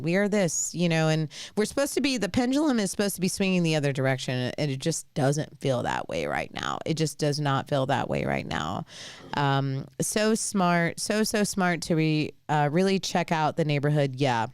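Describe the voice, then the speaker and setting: A woman hosts a live talk show with a low, smooth, resonant voice. She rambles through her points and states her opinions bluntly. The sound is dry and close, with no room around it. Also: sing-song, moderate pace, no echo. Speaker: host. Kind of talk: casual live commentary.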